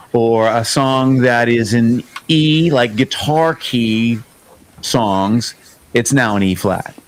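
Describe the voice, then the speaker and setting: A man hosting a music podcast, telling a story in a casual, lively way and acting out the quoted lines. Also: medium pitch, a little hiss or hum. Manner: animated storyteller, acts out quoted dialogue. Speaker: podcast host and singer.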